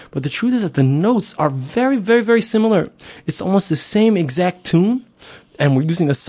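Middle-aged man, Torah teacher, fairly high voice, earnest and repetitive, asks questions of his listeners. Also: a little mellow. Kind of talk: spoken Torah lesson.

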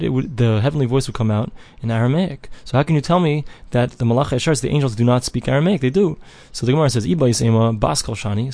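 A man's voice: mid-range voice, darkish tone, dry recording. A man giving a Talmud lesson, reading each phrase of the text aloud and then translating and explaining it in plain English. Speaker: Talmud teacher. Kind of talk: daily page Talmud lesson.

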